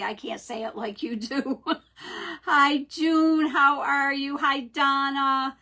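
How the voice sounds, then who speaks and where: Slow, bright-voiced woman hosting a craft stream. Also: high-pitched, steady tone, a little hiss or hum. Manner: chatty, greets viewers warmly by name. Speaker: host of a live craft stream. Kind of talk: casual live-stream chat.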